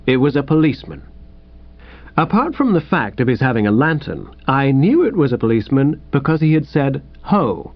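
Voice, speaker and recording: A man reading a comic story in the first person, playful and animated, on a dull lo-fi recording. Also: mid-range voice, a little fast, no echo. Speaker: audiobook reader.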